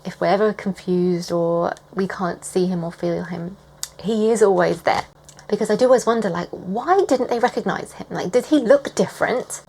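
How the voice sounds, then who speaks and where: Woman vlogger, mid-pitched and warm-hearted, reads scripture and then gushes about it. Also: poor audio. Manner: enthusiastic and gushing, laughs often. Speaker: Bible study vlogger. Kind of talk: scripture reading with reflective commentary.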